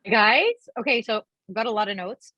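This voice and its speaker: A woman judging a music competition, giving animated, candid critique and acting out what she heard. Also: a little high, brisk, no echo, muffled recording. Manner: animated, imitates sounds. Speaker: judge. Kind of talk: critiquing a performance.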